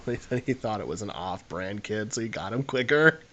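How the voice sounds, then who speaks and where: A man's voice: lowish voice, expressive, fairly quick, sharp tone, dull audio, a little hiss or hum. A young man, co-hosting a podcast and telling a long, rambling anecdote in casual chat, full of fillers. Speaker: podcast co-host.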